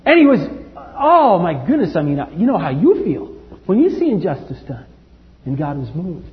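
A man preaching a sermon with passion, swinging from loud outbursts to hushed tones. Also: sits high, wildly swooping pitch, normal speed. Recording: dull, hall-like recording.

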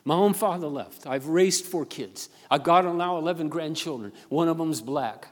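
An older man preaching as a pastor, telling a story earnestly and haltingly, often repeating his words. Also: a little high. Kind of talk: sermon storytelling. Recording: long reverb of a large hall.

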